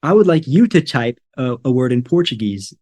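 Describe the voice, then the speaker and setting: Encouraging American host. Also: male voice, medium pitch, big pitch swings, moderate pace, darkish tone, husky. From United States. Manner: friendly and encouraging, models pronunciation. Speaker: interview host, English teacher. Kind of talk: casual interview.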